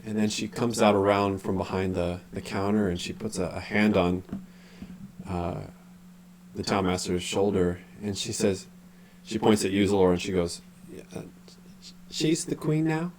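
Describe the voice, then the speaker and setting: A man narrating as game master in a relaxed, halting way, full of restarts. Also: low voice, a little hiss or hum.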